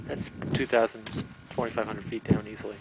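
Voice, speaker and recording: A man's voice: fairly low pitch, level tone, fairly quick, vocal fry. A man filming a hike, narrating casually and admiringly while out of breath. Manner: chatty, admiring. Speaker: hiker filming the trip. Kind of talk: casual narration to a home video camera. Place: outdoors on a high mountain trail. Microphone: built-in camcorder mic. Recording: home camcorder tape with loud wind noise.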